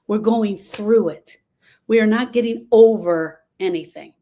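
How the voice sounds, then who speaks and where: A woman stands before a live group and talks about grief, pressing each point home with earnest emphasis. Her voice sits at an ordinary mid pitch. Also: unhurried, dark tone. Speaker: grief speaker. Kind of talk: motivational talk to a live group. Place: room with a live audience.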